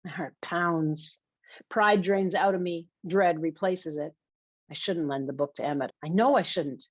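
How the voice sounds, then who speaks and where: An audiobook narrator with a lowish female voice reads a first-person novel a little slowly, in a confessional and wry tone. The recording is muffled, dull, dry and lo-fi with no echo.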